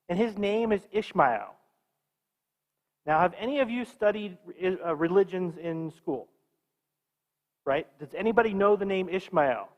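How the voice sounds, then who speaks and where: A man with a fairly high voice leads a confirmation class in conversation. He keeps quizzing the students as he goes. His voice carries a long reverb from a large church hall. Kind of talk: teaching a class.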